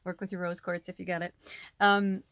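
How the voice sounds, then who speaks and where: A woman giving a casual spiritual reading to her viewers, chatty and animated, swearing now and then. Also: on the low side, moderate pace, clear, resonant tone, no room sound, studio quality. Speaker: spiritual reader.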